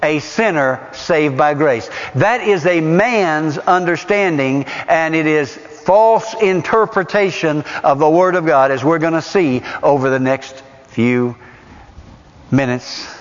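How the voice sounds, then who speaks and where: Emphatic high-voiced preacher in a reverberant hall. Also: male voice, slow pace. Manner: emphatic, repeats phrases for stress; asks the audience rhetorical questions. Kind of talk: sermon. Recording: dull sound with long hall reverb.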